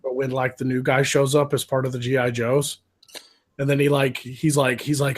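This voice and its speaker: A man's voice: mid-range voice, normal speed, breathy edge. A young man in casual group chat, animatedly retelling stories and acting out quotes. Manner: animated storyteller, acts out quotes in voices. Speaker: podcast co-host.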